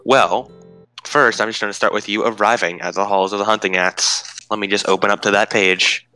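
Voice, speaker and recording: A man's voice: fairly low pitch, fairly even intonation, brisk, sharp tone, faint music behind, poor audio. A man narrating as game master in a casual tabletop session, explaining plainly with fillers.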